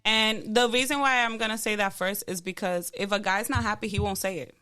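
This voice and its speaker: A woman's voice: mid-range voice, fairly even intonation, fairly quick, pushed and bright, smooth. A young woman from New York City, a podcast guest, chatting candidly and bluntly, swearing freely. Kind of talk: casual chat.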